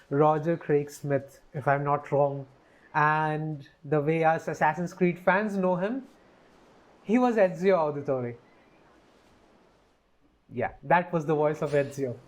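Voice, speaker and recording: A man giving chatty, opinionated commentary over gameplay. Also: a little high. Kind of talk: casual let's play commentary.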